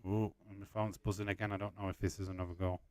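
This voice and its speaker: A man's voice: low-pitched, level tone, fast, darkish tone, dry recording. A man hosting a casual live watch-along, chatting and teasing viewers while calling out match updates, swearing freely. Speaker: watch-along host reading viewer chat. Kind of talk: casual live commentary and chat.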